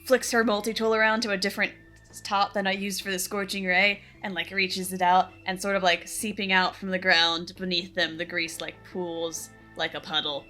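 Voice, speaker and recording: A woman's voice: mid-range voice, flat delivery, moderate pace, pushed and bright, faint music behind. A woman playing a tabletop game, explaining her character's moves in a chatty way and laughing between explanations. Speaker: player. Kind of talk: casual tabletop play.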